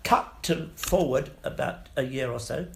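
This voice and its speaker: An older man with a gravelly, fry-laden voice at an ordinary middle pitch tells stories from his acting career. He talks in an animated way, swears freely and slips into the voices of the people he quotes. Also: measured pace, a little hiss or hum. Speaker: actor interviewee. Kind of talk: anecdotal storytelling.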